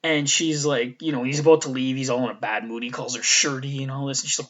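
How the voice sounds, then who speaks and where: A man's voice: medium pitch, quick pace, a bit bright. Chatty swearing man, muffled lo-fi sound. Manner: loose and chatty, swears freely, trails off and restarts. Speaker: fan commentator. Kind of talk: casual rambling recap.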